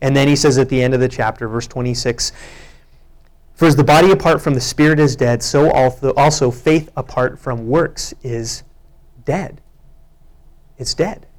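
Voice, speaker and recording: A man's voice: mid-range voice, normal speed, long pauses. A man preaching a sermon, reading scripture aloud with earnest emphasis. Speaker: pastor.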